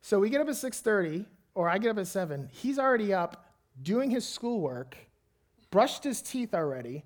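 A pastor and father of a young child preaches in a high voice, telling a lively personal story before slowing down into earnest prayer.

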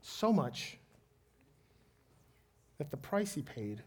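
Man, pastor, sermon, lively storytelling, earnest prayer. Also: on the high side, moderate pace.

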